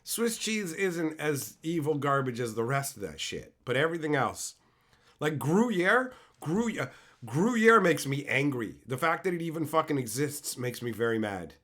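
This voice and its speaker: Loud, animated young man ranting. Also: a little high, measured pace. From Canada. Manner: loud, profane, mock-outraged. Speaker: streamer reading chat. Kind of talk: casual rant to live chat.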